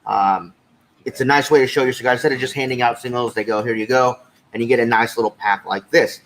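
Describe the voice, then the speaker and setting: A man co-hosting a podcast in casual chat, his voice at an ordinary middle pitch. He talks in a relaxed, easygoing way, full of "uh" and "um" as he thinks aloud. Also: quick pace, poor audio. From California. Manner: relaxed, chatty, with many fillers. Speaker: podcast co-host.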